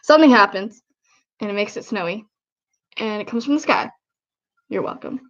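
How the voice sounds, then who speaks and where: A woman in her twenties chatting casually on a livestream, sniffly and tired, rambling in a low-key, self-deprecating way. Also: animated, normal speed, fairly bright tone, lo-fi sound. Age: 20s.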